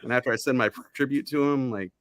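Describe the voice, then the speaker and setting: A man who is the guest, telling animated stories in casual chat and laughing at himself often. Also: mid-range voice, fast, no echo.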